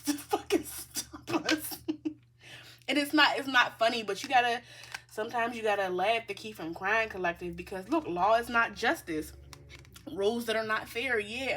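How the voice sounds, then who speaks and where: A woman's voice: a little high, fairly bright tone, slight background noise. A woman giving a tarot reading in a casual, chatty way. She speaks bluntly, swears freely and keeps addressing her listeners as the collective. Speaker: tarot reader.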